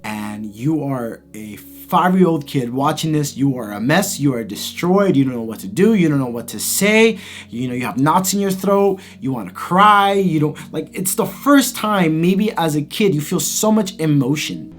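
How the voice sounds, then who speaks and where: A man in his thirties hosting his channel, retelling a film scene in an expressive, animated way with frequent restarts. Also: on the high side, moderate pace, faint music behind. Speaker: YouTube host. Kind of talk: casual movie commentary.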